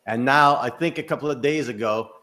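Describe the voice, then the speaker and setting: A man's voice: mid-range voice, fairly quick, bright, forceful tone. A man co-hosting a casual chat show, rambling and breaking off mid-sentence. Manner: rambling, self-interrupting, laughs at own jokes. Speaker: psychic co-host.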